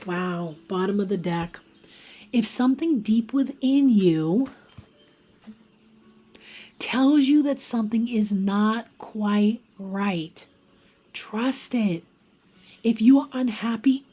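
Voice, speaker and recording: A woman giving a casual pick-a-card tarot reading, chatty and emphatic, talking straight to her viewers and sometimes dropping to a soft whisper for emphasis. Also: a little high, slow pace, long pauses, husky. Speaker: tarot reader.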